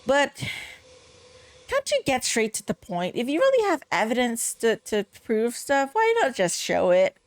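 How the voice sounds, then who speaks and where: A woman's voice: fairly high pitch, wildly swooping pitch, unhurried, no room sound. Rambling young woman critiquing a game, dry mic. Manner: rambling, heavy on "like" fillers, exasperated critique. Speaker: game streamer. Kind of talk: casual gaming commentary.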